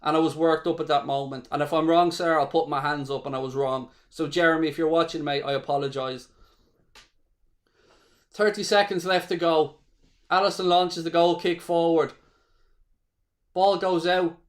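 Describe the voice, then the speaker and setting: A man's voice: fairly high pitch, steady tone, moderate pace, pauses often. A man with an Irish accent hosting a live football watchalong, calling the play as a fan, swearing freely and chatting with viewers. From Ireland. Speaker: watchalong host.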